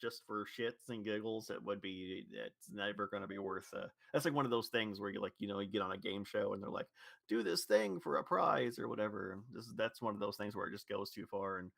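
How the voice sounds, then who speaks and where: Man, neutral American accent, lowish voice, rambling self-correcting podcast chatter. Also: fairly even intonation, fairly quick, creaky, hardly any pauses, fairly bright tone, no echo. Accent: neutral General American. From Louisville, Kentucky. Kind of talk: casual chat.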